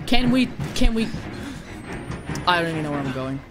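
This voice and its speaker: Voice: medium pitch, very animated, moderate pace, loud music behind the voice. A streamer playing a horror game live, chatting and swearing, breaking into shrieks when startled.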